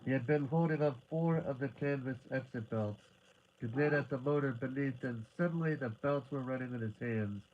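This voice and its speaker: A man giving a live reading of a horror short story, steady and building tension, now and then restarting a word. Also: medium pitch, normal speed, lo-fi sound, a little hiss or hum. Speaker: reader.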